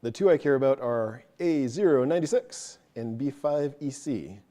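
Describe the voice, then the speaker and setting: A man's voice: medium pitch, animated, normal speed, dark tone. A man presenting at a tech meetup, casually walking an audience through code step by step, with self-deprecating asides. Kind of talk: live technical walkthrough of code.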